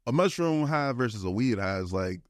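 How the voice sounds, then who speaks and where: A man's voice: medium pitch, lively intonation, a little fast, no room sound, clean studio sound. A young man co-hosting a casual podcast, rambling in slangy talk with lots of "like" fillers. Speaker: podcast co-host. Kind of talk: casual chat.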